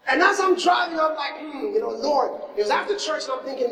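A male pastor delivers an animated sermon, his voice jumping from big exclamations down to near-whispers as he tells a story. The sound is roomy with a long reverb tail, picked up from some distance away. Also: very high voice, brisk, few pauses. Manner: animated storytelling, swinging from loud to hushed. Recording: echoey hall, mic from far off.

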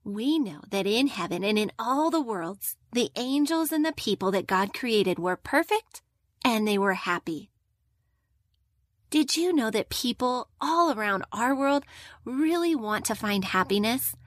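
A woman teaching a Bible lesson to children, gentle and slowing down for emphasis, often asking questions. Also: a little high, animated, no echo, studio quality. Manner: gentle, slow and emphatic on key points, asks the listeners questions.

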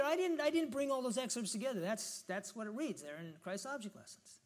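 A man's voice: extremely high pitch, lively intonation, fairly quick, hardly any pauses. A man giving an informal, reflective sermon, reading scripture aloud and musing on it in a conversational way. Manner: reflective, conversational, reads scripture with rising emphasis. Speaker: preacher.

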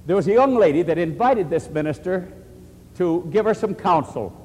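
A man preaching and answering questions, earnest and animated, often quoting scripture. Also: high voice, normal speed, long reverb tail. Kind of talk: sermon-style question and answer.

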